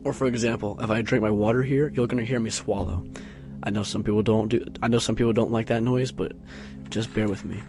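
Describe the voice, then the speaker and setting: A man with a slightly low voice rambles casually into a tabletop microphone in a carpeted room at home. He drifts along with plenty of fillers and restarts, and soft music plays faintly behind him. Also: steady tone, a little fast. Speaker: vlogger. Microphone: tabletop USB microphone, close, with headphones on.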